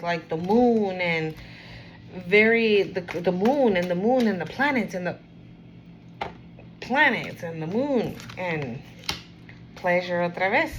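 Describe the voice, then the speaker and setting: A woman giving a casual spiritual card reading to camera, rambling and encouraging the viewer, sometimes dropping to a quieter murmur. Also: medium pitch, slight background noise, rough recording. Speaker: tarot and oracle card reader.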